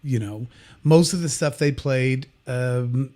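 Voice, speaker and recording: A man hosting a podcast, telling an anecdote in relaxed, halting chat with many fillers. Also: mid-range voice. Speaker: podcast host. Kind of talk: casual chat.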